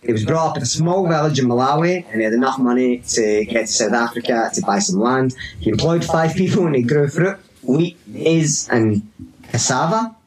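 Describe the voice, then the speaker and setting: A man's voice: medium pitch, lively intonation, normal speed, low-quality recording. A man telling a story to friends in casual podcast chat, loose and laughing, reading bits aloud with asides. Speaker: podcast co-host.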